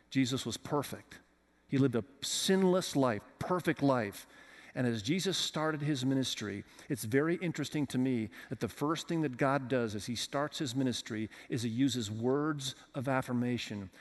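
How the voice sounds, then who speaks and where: A man's voice: fairly high pitch, normal speed, long reverb tail. A man preaching a sermon as pastor, talking conversationally and putting questions to the congregation. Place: church with several campuses.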